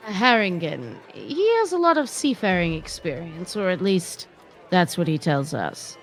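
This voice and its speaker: Casting: woman player, lower voice, halting in-character lines, faint music behind. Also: big pitch swings. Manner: hesitant, filler-heavy speech. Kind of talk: casual tabletop play.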